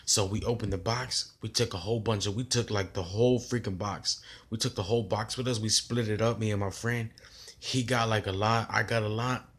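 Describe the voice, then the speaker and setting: A man's voice: on the low side, steady tone, fairly quick, a bit bright, slightly rough. A young man telling a story in a casual vlog, with loose slang and rambling restarts.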